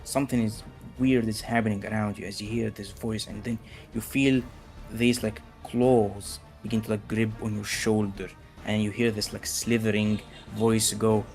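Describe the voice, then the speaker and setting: A man narrating as game master of a tabletop game, relaxed and full of fillers. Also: fairly low pitch, measured pace, gravelly, faint music behind.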